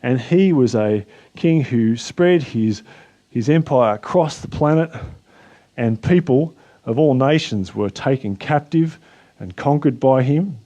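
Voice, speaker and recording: A man with an Australian accent hosting a casual Bible talk, relaxed and chatty with frequent fillers. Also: mid-range voice, measured pace, muffled recording. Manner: relaxed, chatty, lots of uh and restarts. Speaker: host and Bible teacher.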